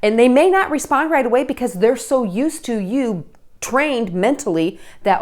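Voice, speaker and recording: Chatty, animated woman parenting coach. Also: mid-range voice, a little fast. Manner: chatty and animated, frequent "okay?" check-ins, acts out parents and teens. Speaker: teen relationship coach. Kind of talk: direct-to-camera parenting advice.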